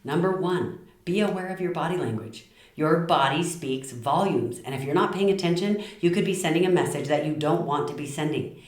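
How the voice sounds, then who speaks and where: Middle-aged woman, low voice, passionate talk to camera in an echoey room. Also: brisk. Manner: passionate, lively, acts out little quoted lines. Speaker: speaker giving communication tips.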